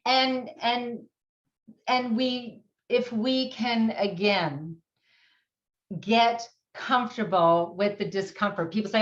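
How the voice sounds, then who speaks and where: A woman's voice: on the high side, slow pace, dull audio. A middle-aged woman, a guest speaking animatedly about grief in an interview, often laughing. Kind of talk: conversational interview.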